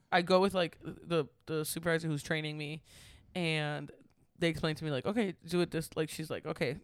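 A woman's voice: sits low, steady tone, normal speed, no echo, clean studio sound. A young woman telling work stories in a casual chat, packed with "like" fillers. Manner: chatty, storytelling, heavy "like" filler.

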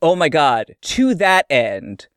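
A co-host in a casual film chat, speaking in a dry, incredulous, deadpan way. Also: medium pitch, slow, clear, resonant tone, dry recording. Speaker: podcast co-host.

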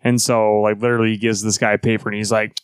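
A man's voice: on the low side, level tone, fast talker, clear, resonant tone, no echo. A man co-hosting a casual comic book podcast, laughing often and quoting characters. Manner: laughing, quotes characters in put-on voices. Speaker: podcast co-host.

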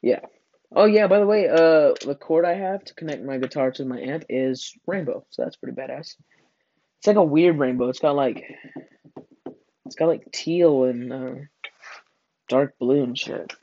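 A man's voice: fairly high pitch, normal speed, pauses often, mellow, highs cut off. A teenage boy hosting a casual podcast with a friend, rambling and joking with frequent laughs. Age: teens. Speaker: podcast host.

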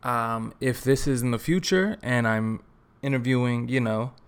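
A young man from Texas hosting a solo podcast, telling a story in a relaxed, joking, rambling way with lots of fillers. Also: mid-range voice, a little slow, smooth. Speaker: podcast host. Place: his apartment.

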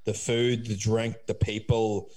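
A man's voice: on the low side, level tone, slow pace, darkish tone. A young man, chatting casually in a rambling way with lots of fillers and swearing. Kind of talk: casual chat.

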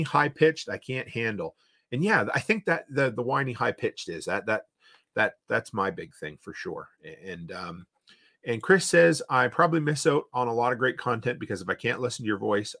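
A man's voice: mid-range voice, animated, normal speed, fairly bright tone. A man with an Eastern Canadian accent, hosting a casual livestream and reading viewer comments aloud with rambling reactions. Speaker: podcast host.

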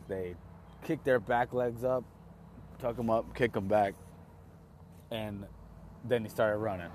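A young man casually telling a story, rambling and excitable, with many restarts and fillers. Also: on the low side, slight background noise.

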